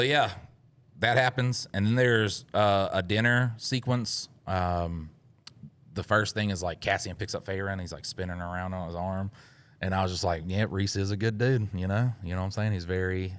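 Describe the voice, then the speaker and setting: A man's voice: low-pitched, a bit bright. A man hosting a podcast, rambling in casual chat and laughing often. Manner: laid-back, rambling with frequent laughs. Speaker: podcast host.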